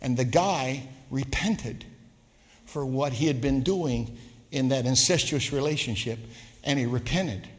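A man's voice: mid-range voice, a little slow. A male pastor preaching a live-streamed sermon in a church, rambling, repeating words, with humorous asides. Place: church sanctuary. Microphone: live-streamed service mic. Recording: long church reverb.

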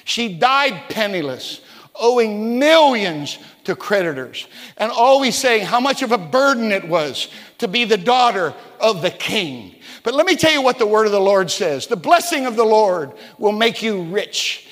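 A man in his sixties from West Virginia preaching a sermon in a church, telling stories, stumbling over repeated words and rising to shouts. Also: sits high, big pitch swings, unhurried. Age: 60s. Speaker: pastor. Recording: reverberant church hall.

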